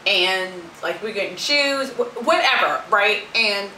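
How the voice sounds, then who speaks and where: A woman's voice: mid-range voice, animated, unhurried, pushed and bright, roomy sound, far from the mic, a little hiss or hum, rough recording. A young woman vlogger telling a story in a brash, sassy, profane rant.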